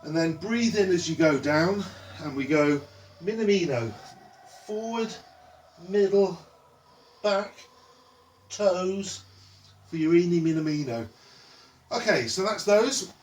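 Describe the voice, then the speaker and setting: A man's voice: high voice, animated, slow, long pauses, a little mellow, a little hiss or hum. A man leading a home stretching tutorial in a playful way, naming each exercise after a football player. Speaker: exercise instructor. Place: indoors at home. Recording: echoey room, mic at a distance.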